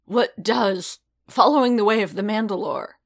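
A woman's voice: medium pitch, moderate pace, vocal fry, breathy edge. A woman voicing a proud, hot-tempered male zealot warrior who speaks curtly and defiantly.

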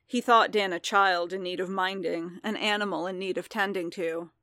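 A woman narrating a story in a measured, calm reading voice, close to the mic. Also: lowish voice, no echo. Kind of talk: audiobook fan fiction reading.

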